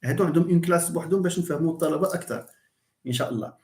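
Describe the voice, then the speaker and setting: A man with a Moroccan accent, a native Moroccan Arabic speaker, teaching an animated live English lesson and acting out his examples. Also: fairly high pitch, very fast. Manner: animated, mixes English and Arabic, acts out stress examples with a laugh. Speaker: English lecturer. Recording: roomy echo.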